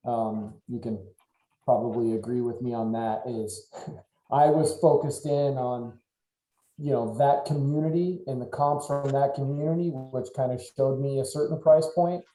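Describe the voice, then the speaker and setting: A man with a very dark, mellow voice at a middle pitch. He chimes in relaxed and easygoing during a team training, and the room around him sounds echoey. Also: unhurried. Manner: relaxed, adds his own experience to the lesson. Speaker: real estate agent colleague. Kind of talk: casual chat in a training meeting. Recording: roomy echoey meeting room.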